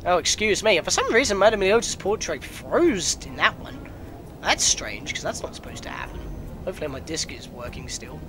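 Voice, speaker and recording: Excitable high-voiced gaming commentator man. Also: moderate pace, over music. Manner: chatty, excitable outbursts. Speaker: let's player. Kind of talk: gameplay commentary.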